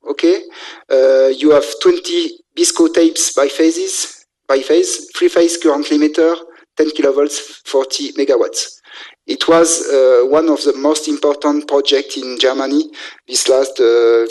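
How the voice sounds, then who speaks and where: A man lecturing on engineering at a middle pitch. He talks in a halting way and keeps stopping to search for words with "uh" before starting again. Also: poor audio. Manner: halting, frequent filler sounds and restarts. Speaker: university lecturer in electrical engineering. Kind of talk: technical lecture.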